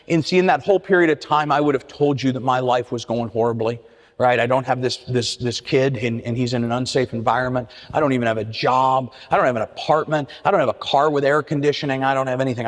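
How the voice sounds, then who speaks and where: Speaking a little fast with a steady, medium-pitched voice, this middle-aged man shares his recovery at an AA meeting held in a church hall. He's earnest but keeps restarting and repeating words, and the room's reverb colors the recording.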